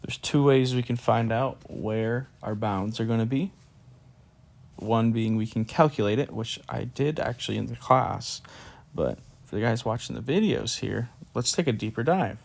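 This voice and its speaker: At a normal speed and medium pitch, a man with a creaky voice teaches calculus in an easygoing way. The sleepy, yawning math teacher explains each step as he writes during a screen-recorded lesson.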